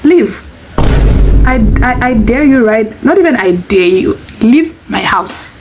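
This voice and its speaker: Girl quoting a bossy angry boyfriend, yelling at his girlfriend to get out, pitched up kinda high, storytime vlog. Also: expressive, takes it slowly, noisy background. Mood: commanding. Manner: indignant, commanding. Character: controlling angry young boyfriend, man.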